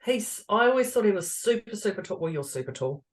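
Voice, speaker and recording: A middle-aged woman co-hosting a motivational podcast, chatty and expressive, telling personal stories and laughing often. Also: medium pitch, a little fast. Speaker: podcast co-host, stress coach. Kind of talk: casual motivational chat.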